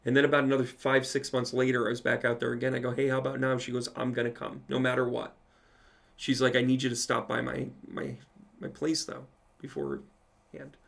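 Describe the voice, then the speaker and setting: A man's voice: medium pitch, little pitch movement, brisk, gravelly, fairly bright tone. A man, a psychic medium, telling a personal story in a casual live Q&A and swearing freely as he goes.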